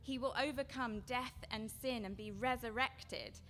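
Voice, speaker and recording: A woman giving an earnest sermon-style seminar talk, her voice going from quiet to loud. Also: on the high side, a little slow, slight background noise. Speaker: seminar speaker.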